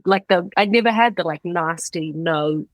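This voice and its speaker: A woman's voice: lowish voice, normal speed, no echo. A woman with a New Zealand accent, a guest on a podcast, chatting animatedly and playfully over a video call. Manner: animated, playful, laughing easily. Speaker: guest musician. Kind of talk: casual chat.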